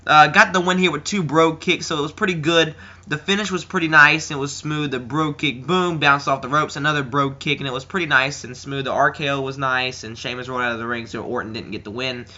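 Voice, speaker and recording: A teenage boy giving a rambling, casual video review, with lots of fillers, who slips into a higher voice when he quotes people. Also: bright, forceful tone, muffled recording. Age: teens. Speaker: wrestling reviewer. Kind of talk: casual chat.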